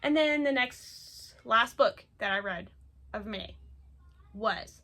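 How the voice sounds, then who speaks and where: Bright-voiced, gushing young woman vlogging. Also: on the high side, animated, slow. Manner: chatty and gushing, many fillers and repeated words. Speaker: book vlogger. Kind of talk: casual monthly reading wrap-up. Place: home.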